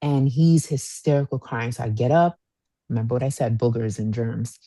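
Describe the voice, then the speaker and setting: A woman in her thirties co-hosting a podcast, telling a story in a casual, animated way and acting out what people said. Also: very deep voice, moderate pace, no echo. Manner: animated storyteller, acts out quotes, says "y'all". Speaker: podcast co-host.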